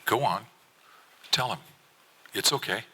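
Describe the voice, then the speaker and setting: A calm, soft-spoken mother, as a man reading a story quotes her. Gentle and steady, in a fairly low, bright-toned voice. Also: unhurried, husky, heavily acted. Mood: soothing.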